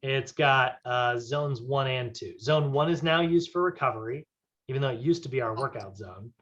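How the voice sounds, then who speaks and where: A man's voice: medium pitch, moderate pace, fairly bright tone. A man teaching a fitness class in a casual, conversational way, often checking in with "right?". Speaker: fitness instructor. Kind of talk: classroom lecture. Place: classroom with whiteboard. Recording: dull lo-fi classroom recording.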